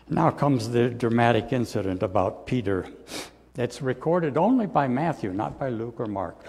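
A male pastor preaching a sermon in a dramatic style, often sinking to soft, low endings. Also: lively intonation, normal speed, creaky, breathy edge, in a large hall. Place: church sanctuary.

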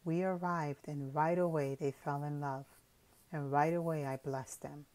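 A chattering village mother, tearful and excitable, rambling on in an audiobook story, put on by a woman narrator. The voice sits low. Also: a little slow, rough recording.

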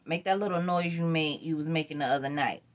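A woman's voice: low-pitched, brisk, lightly acted. A woman voicing a crude, cocky young man on tour in an audiobook reading, teasing and suspicious, on a dull lo-fi recording.

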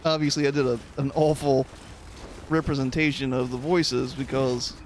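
A man's voice: mid-range voice, level tone, normal speed, a little mellow, a little hiss or hum. A man hosting a gaming video, telling rambling stories in casual banter and laughing often. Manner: rambling storyteller, frequent laughter, slips into goofy impressions. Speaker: gaming channel host. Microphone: desk microphone.

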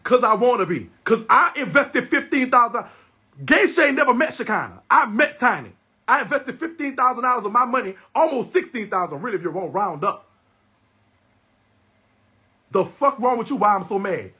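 A man's voice: very high-pitched, expressive, normal speed, bright, forceful tone, breathy edge. A man ranting angrily to his viewers, heated, repetitive and confrontational. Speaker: livestreamer. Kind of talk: angry profane rant to viewers.

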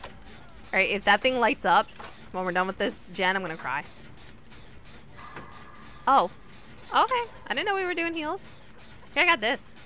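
A woman with a bright, slightly high voice chats her way through a round of a game. She talks casually to her teammates and the opponent and now and then breaks into sudden excited yelps. A faint hiss of noise sits under the recording. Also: a little slow, pauses often. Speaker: gaming streamer. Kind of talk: casual gameplay commentary.

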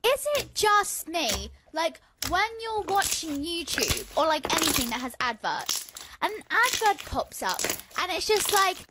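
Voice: very high voice, big pitch swings, a little slow, background noise. A synthetic text-to-speech voice narrating a complaining, sarcastic storytime rant.

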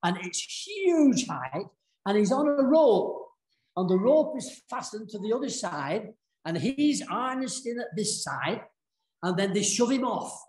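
Earnest preacher with a Northern English accent, roomy. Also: male voice, sits high, sing-song, a little slow, a little mellow. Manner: earnest, storytelling with many restarts. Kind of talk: sermon. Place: church.

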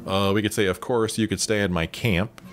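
Deep-voiced man reading game choices. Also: steady tone, fairly quick, a little hiss or hum. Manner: reads dialogue options aloud, chatty. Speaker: let's play host. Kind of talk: casual game commentary. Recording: faint game music behind.

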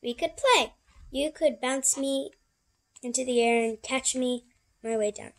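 A woman voicing an eager young kitten in a picture book, in a slow, sweet childlike voice. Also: high-pitched, rough recording.

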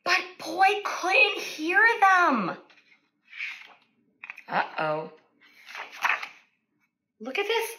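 High, lively woman reading aloud. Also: extremely slow, pauses often, rough recording. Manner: animated, asks children questions. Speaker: speech-language therapist. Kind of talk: reading a picture book aloud to children.

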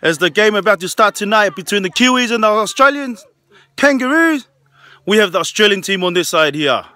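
A man hosting a family vlog, interviewing players and calling a pretend match like an excited live sports commentator. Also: sits high, a little fast. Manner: excited interviewer, shouts chants and play-by-play.

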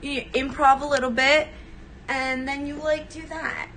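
A woman's voice: high-pitched, flat delivery, moderate pace, a bit bright, a little hiss or hum, low-quality recording. Giggly young woman streaming live. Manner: giggly, self-conscious, chatty. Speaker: livestream host. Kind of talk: casual livestream chat.

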